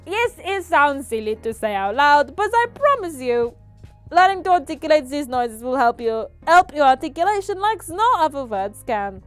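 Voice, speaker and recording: A woman reading out a mock speech lesson in a put-on accent, in a loud, emphatic instructional manner. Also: high voice, big pitch swings, moderate pace, dry recording, faint music behind. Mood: mock-earnest.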